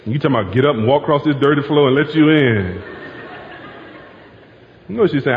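A man's voice: medium pitch, expressive, normal speed, pauses often. Man preaching in an echoing hall. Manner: conversational preaching with asides to the congregation. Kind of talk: sermon. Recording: muffled sound with long hall reverb.

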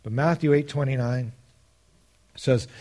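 A man preaching a sermon, arguing step by step and quoting scripture, swinging between quiet asides and loud emphatic points. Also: medium pitch, a little slow. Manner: argues step by step, quotes scripture.

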